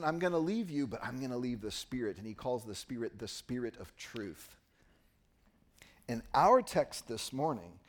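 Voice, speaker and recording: A man's voice: medium pitch, a little mellow. Man preaching a sermon with emphasis. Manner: explanatory, pauses for emphasis, reads scripture aloud. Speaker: pastor. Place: church.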